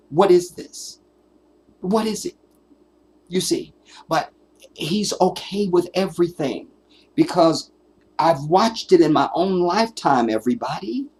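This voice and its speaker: A man's voice: fairly high pitch, slightly rough. A man hosting a live stream, delivering an emphatic, profane, preachy commentary rant. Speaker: livestream host.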